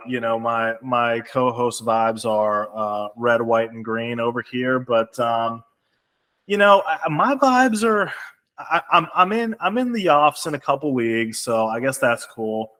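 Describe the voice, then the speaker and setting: A man's voice: mid-range voice, fairly bright tone. Laid-back man in rambling podcast chat. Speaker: podcast co-host.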